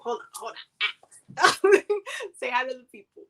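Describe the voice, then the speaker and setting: High, bright-voiced woman doing chatty card readings. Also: lively intonation, moderate pace, low-quality recording. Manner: chatty and loose, slangy, many fillers and repeats. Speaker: oracle card reader hosting a live reading. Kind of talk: casual livestream chat during card pulls.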